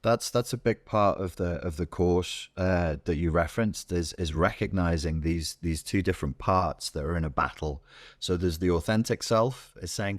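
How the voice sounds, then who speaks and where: A middle-aged man with a Scouse accent talks bluntly and swears freely as a podcast guest. His voice sits very low, and the sound is dry and close. He often slips into acting out inner voices. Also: normal speed, no echo. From Liverpool, England. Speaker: guest coach. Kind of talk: podcast interview.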